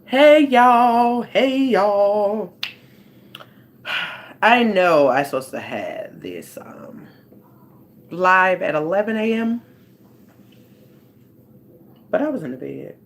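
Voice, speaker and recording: A woman's voice: lowish voice, very animated, slow, pauses often, a bit bright. Chatty woman hosting a livestream. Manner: rambling, chatty, talks straight to viewers. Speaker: life coach hosting a livestream. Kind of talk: casual livestream chat.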